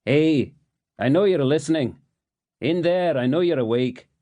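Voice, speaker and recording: A paranoid, erratic Scottish stranger, put on by a man, his voice pushed up high and loud. He spits out his words and hisses accusations with a menacing edge. The sound is close and dry. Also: unhurried, no room sound, lightly acted.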